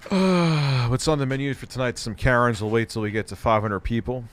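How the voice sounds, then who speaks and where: Profane, excitable male livestream host. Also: mid-range voice, a little fast. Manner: loose and profane, laughs often, jumpy bursts of excitement. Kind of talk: casual livestream chat.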